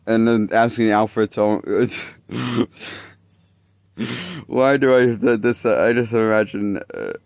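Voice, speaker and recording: A man's voice: mid-range voice, fairly even intonation, slow, vocal fry, long pauses, dry recording. A man giving a casual spoken film review, rambling and losing his train of thought while laughing at his own jokes. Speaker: movie critic.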